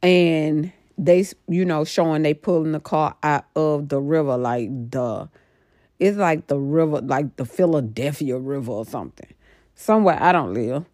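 A woman's voice: sits low, moderate pace, darkish tone, no echo, clean studio sound. A middle-aged woman casually recounting a dream in a rambling, emphatic way, full of fillers. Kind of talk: casual storytelling about a dream.

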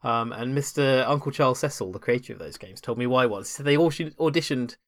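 A man chatting on a gaming podcast, with a medium-pitched voice. He is enthusiastic and self-deprecating, and he rambles along with frequent restarts. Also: fairly quick, no echo, studio quality. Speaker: podcast co-host. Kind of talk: casual podcast chat.

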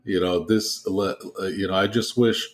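A man's voice: deep voice, steady tone, normal speed. A man co-hosting a gaming podcast, chatting casually and rambling a bit with lots of fillers. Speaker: podcast co-host. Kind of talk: casual chat.

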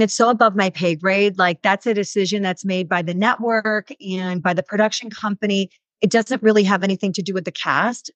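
A woman in her thirties, a reality show cast member, answering interview questions in casual, animated speech full of "like" fillers. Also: medium pitch, dry recording. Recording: dull lo-fi sound.

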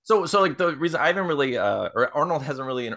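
Man, tabletop player, lively swooping voice, bright tone, animated. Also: fairly high pitch, fast talker. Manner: animated, jumps into character voices. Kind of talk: tabletop role-play chat.

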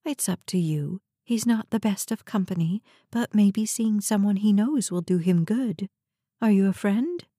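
Woman reading a practical, soft-spoken nurse. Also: medium pitch, measured pace, no echo, studio quality, close to an everyday voice. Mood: matter-of-fact. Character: kind, matter-of-fact hospital nurse, woman.

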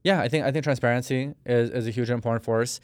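A man's voice: mid-range voice, steady tone, quick pace, no room sound, clean studio sound. A man in his thirties from Russia, a podcast guest telling a personal story in a rambling, casual way with many fillers. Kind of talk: casual interview talk.

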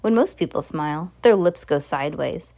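Deep-voiced woman reading a storybook. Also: expressive, moderate pace, mellow. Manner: earnest, with small slips and restarts. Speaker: reader. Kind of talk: reading a children's novel aloud.

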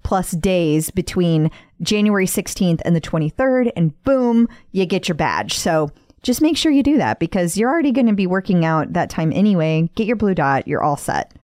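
Upbeat chatty woman, lowish voice. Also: big pitch swings, moderate pace, a little mellow, dry recording, studio quality. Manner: chatty, upbeat, laughs often. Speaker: podcast co-host. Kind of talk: casual chat.

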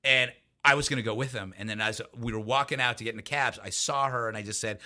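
A man's voice: medium pitch, fast talker, few pauses, sharp tone. A man as a guest in a casual interview, telling anecdotes in a rambling way with many restarts and asides.

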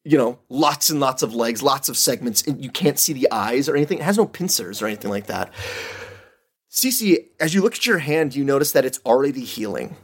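A man's voice: medium pitch, a little fast, slightly rough. Man narrating as game master. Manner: relaxed, descriptive, hedging with fillers.

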